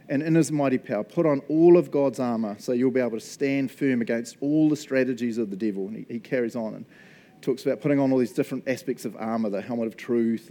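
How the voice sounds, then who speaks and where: A man's voice: medium pitch, dark tone. A man preaching a casual, enthusiastic sermon, often checking in with the congregation. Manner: enthusiastic, chatty, laughs often, tags lines with "eh?" and "right?". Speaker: pastor.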